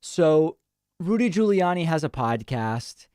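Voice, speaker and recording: A man's voice: on the high side, big pitch swings, measured pace, darkish tone, smooth, no echo. Dry-sounding male stream host. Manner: reads viewer comments aloud and answers offhand, dry asides. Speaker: political show host. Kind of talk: live-stream chat Q&A.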